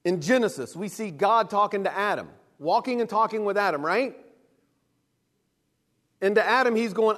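Guy preaching, high voice, lively, big hall reverb behind him. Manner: animated, acts out quick voices for God and people. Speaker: pastor. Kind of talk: sermon.

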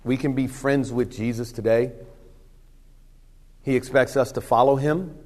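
A man preaching a sermon in a conversational way, acting out short exchanges and dropping to hushed lines. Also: mid-range voice, steady tone, a little slow. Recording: long hall reverb.

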